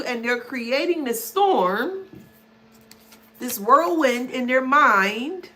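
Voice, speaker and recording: High, laughing woman tarot reader. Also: drawn-out words. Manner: laughs often, animated, calls the listener baby. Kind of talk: casual spiritual reading vlog.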